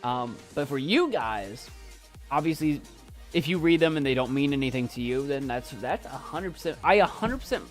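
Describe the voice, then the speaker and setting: A man chatting casually with viewers in a calm, soft voice, halting with many restarts as he chokes up. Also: mid-range voice, soft background music. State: choking up. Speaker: YouTube creator and poet. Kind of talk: casual live chat with viewers.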